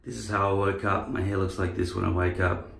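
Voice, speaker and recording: A man's voice: sits low, flat delivery, a little fast, vocal fry, fairly bright tone. A man vlogging in casual chat, rambling and profane. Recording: echoey room.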